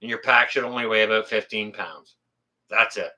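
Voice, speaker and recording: Blunt, sharp-voiced man chatting live. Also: lowish voice, normal speed. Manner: blunt, plain-spoken, swears freely; rambling, self-correcting delivery. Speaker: YouTube channel host. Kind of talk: casual livestream chat reading viewer comments.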